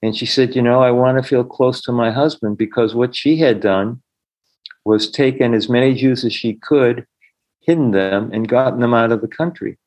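A man's voice: medium pitch, moderate pace, a little mellow, poor audio. Earnest middle-aged male storyteller. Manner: earnest storyteller, acts out quoted voices. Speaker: healer, podcast guest. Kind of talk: storytelling in an interview.

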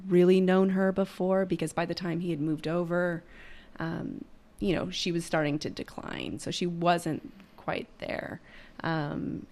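A woman's voice: on the low side, vocal fry. A woman in her thirties talking openly and earnestly about her family in a candid conversation. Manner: earnest, open, emotional, many ums.

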